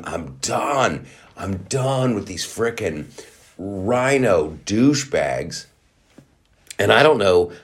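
A man hosting his own podcast, talking in a low register at a slow, deliberate pace. His pitch leaps around animatedly as he vents, indignant and profane, tripping over his own restarts. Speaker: podcast host. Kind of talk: political podcast monologue.

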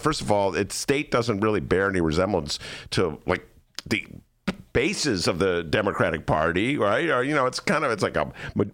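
A man hosting a podcast, telling comedic stories in casual chat and acting out the people in them. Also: deep voice. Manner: animated storyteller who acts out other people. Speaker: podcast host.

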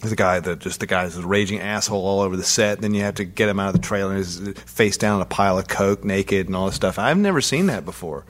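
A man's voice: low voice, fast, hardly any pauses. A man chatting casually in a recording studio, telling stories with jokes and casual swearing. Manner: storytelling, jokey, swears casually. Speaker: musician guest. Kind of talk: casual chat.

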